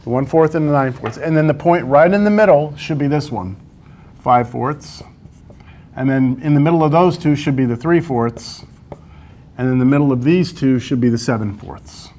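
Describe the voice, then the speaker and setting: Working through problems in front of his class, a male math teacher speaks at a moderate pace with a medium-pitched, darkish voice. He coaxes and quizzes the students, saying "right?" often, with slight background noise present.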